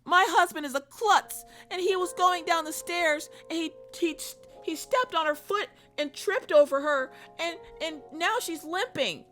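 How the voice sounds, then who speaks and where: A woman's voice: very high voice, a little slow, few pauses, a bit bright, soft background music, pitched above the performer's own voice. A woman voicing a frantic, panicking woman begging for help with her hurt dog, in a shrieking, pleading voice.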